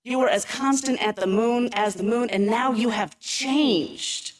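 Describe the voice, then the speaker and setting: A woman's voice: a little high, measured pace, voice pushed up. A woman voicing a small, timid caterpillar in a children's story, sounding anxious and pleading. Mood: distressed. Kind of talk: reading a children's story aloud.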